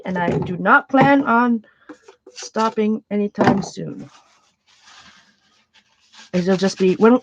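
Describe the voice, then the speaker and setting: A woman's voice: fairly high pitch, lo-fi sound. A Canadian woman chatting casually on a livestream while making art, rambling and often restarting her sentences.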